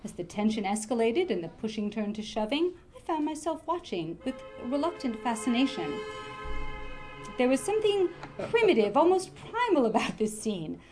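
A woman reading a comic novel aloud in a lively, expressive way. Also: on the high side, normal speed, faint music behind. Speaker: reader.

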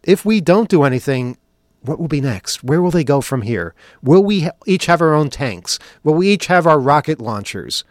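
Guy hosting a talk show, kinda high voice, sarcastic and mocking, dry close sound. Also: sing-song, moderate pace, no room sound. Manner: sarcastic, mock-questioning, then earnest. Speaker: podcast host. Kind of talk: opinionated talk show monologue.

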